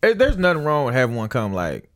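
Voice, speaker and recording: A man's voice: medium pitch, huge pitch swings, fast. A man in a casual podcast chat, asking blunt joking questions.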